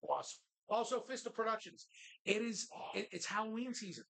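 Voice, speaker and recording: A man's voice: high-pitched, animated, brisk, gravelly, a bit bright, rough recording. A man hosting a live show from a bar, joking loosely and swearing through sponsor plugs. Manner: profane, jokey, reads sponsor plugs with mock voices. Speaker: host. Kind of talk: casual bar-show banter.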